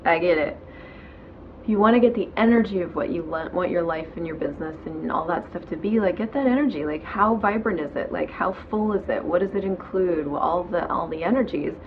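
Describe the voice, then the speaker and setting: A woman's voice: fairly low pitch, a little fast, narrow, tinny audio, slight background noise. A woman hosting her own show, giving casual self-help talk from home in bed in a frank, chatty way with casual swearing. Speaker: podcast host.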